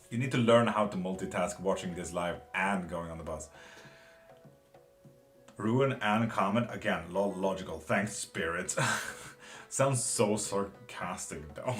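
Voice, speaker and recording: A man's voice: deep voice, measured pace, soft background music. A man giving a casual live-stream tarot reading and chatting with viewers, talking loosely and swearing now and then. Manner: casual, swearing, laughs often. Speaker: tarot reader.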